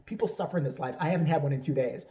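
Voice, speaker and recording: A woman's voice: low-pitched, very fast, mellow. A woman hosting a vlog, delivering a brash, profane comedic rant. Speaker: vlog host. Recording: voice picked up from a distance.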